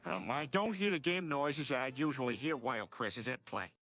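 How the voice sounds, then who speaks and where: A man's voice: mid-range voice, normal speed, a bit bright, faint music behind, natural voice. A synthetic man's voice playing an easygoing, bumbling middle-aged cartoon dad who stumbles and repeats himself. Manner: stumbling, repetitive phrasing.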